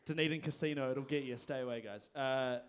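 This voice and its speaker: A man's voice: medium pitch, a little fast, smooth. A man, hosting a live music event on a handheld mic, rambling and self-deprecating. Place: performing arts venue stage. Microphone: handheld microphone.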